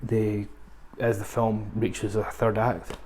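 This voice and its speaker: A man's voice: fairly low pitch, little pitch movement, slow, noisy background. A man reviewing films in a casual, rambling way, full of ums and asides. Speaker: film reviewer. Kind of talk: casual film review chat.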